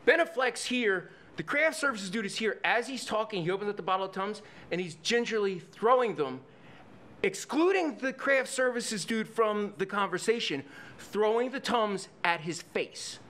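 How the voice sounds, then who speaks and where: A man, a guest on a podcast, telling a story in a lively way, swearing freely and acting out the people in it. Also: high voice, moderate pace. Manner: profane, acts out the people in his stories. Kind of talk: animated storytelling.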